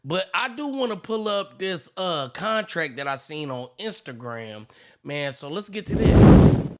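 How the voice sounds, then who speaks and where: A man's voice: fairly high pitch, expressive, measured pace, heavy background noise. A man giving casual reaction commentary, joking and slangy.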